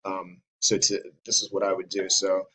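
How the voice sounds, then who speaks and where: A man's voice: sits low, little pitch movement, normal speed, low-quality recording. A man casually explaining how he leads chanted antiphons for a parish, with guitar in the background. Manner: talks loosely with fillers, breaks into chanting. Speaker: church music director. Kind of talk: casual explanation with sung examples. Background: guitar playing.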